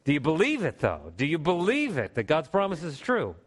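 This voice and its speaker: A man preaching a sermon to a congregation, animated, with emphatic rises and calls for response in a church. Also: on the high side, fairly quick. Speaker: pastor.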